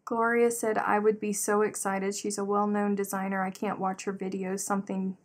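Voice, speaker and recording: A woman's voice: mid-range voice, normal speed. Chatty woman livestreaming a craft session. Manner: animated storyteller, reads out chat comments. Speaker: livestream host. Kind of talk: casual chat while crocheting.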